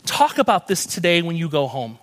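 High-voiced, animated young male preacher. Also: brisk. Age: young adult. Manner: animated storytelling, acts out quoted voices. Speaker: guest speaker. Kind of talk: sermon.

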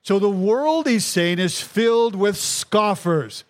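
A man's voice: sits high, animated, takes it slowly. A male pastor preaching a sermon to his congregation, emphatic and repetitive, calling out to the crowd for responses. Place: church service in a tent.

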